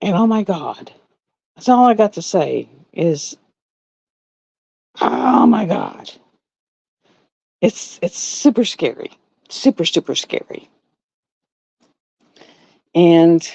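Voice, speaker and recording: A woman's voice: fairly low pitch, big pitch swings, slow pace, pauses often, mellow, no room sound, lo-fi sound. A woman from the chatting casually at home on a live stream, rambling and repeating herself. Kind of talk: casual chat. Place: home with pets.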